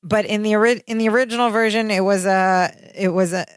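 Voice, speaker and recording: A woman's voice: medium pitch, fast, clear, resonant tone, dry recording. Woman podcaster animatedly recapping an episode. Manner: animated retelling, acts out characters' lines. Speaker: podcast co-host. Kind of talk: casual recap chat.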